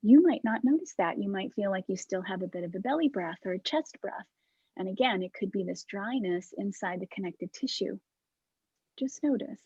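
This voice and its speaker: A woman instructor calmly guiding a movement class over a video call, demonstrating breaths. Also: medium pitch, moderate pace, dry recording, dull audio. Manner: calm, soft-spoken cueing with breathy demonstrations.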